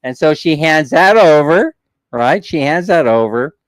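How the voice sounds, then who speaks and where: A man's voice: fairly high pitch, lively intonation, unhurried, dry recording, low-quality recording. A man hosting a live stream, telling a long story in a chatty, jokey way and laughing along. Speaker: vlog host.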